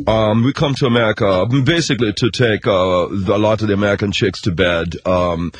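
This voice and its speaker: A man putting on a slow, dopey, pop singer. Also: on the low side, husky, dry recording, voice pushed down. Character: dim, boastful male pop-duo singer.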